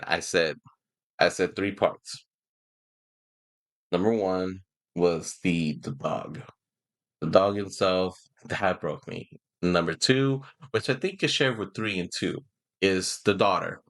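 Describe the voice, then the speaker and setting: Deep-voiced man rambling through a review. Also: vocal fry, a bit bright. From Houston, Texas. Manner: rambling, frequently laughing, emotional. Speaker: movie and TV reviewer. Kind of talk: casual spoken review.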